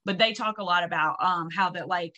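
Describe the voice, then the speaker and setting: A woman's voice: on the low side, brisk, sharp tone, dull audio. A woman co-hosting a casual podcast chat, joking and candid, swearing freely.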